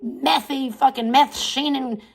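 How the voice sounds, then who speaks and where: A woman's voice: high voice, brisk, slight background noise. A woman on a livestream putting on a crude, boastful backwoods hillbilly mother, talking in a mocking, self-boasting way.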